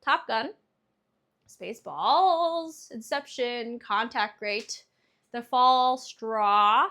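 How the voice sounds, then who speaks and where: A woman's voice: a little high, drawn-out words, bright, forceful tone. A young woman chatting casually on a stream, reading viewer answers aloud, laughing often and swearing freely.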